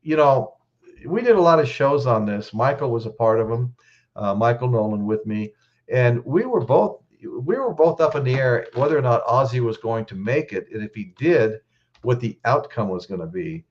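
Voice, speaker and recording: A man's voice: medium pitch, animated, moderate pace, dull audio. A man hosting a casual live stream, choked up, greeting viewers in the chat by name and often restarting his sentences.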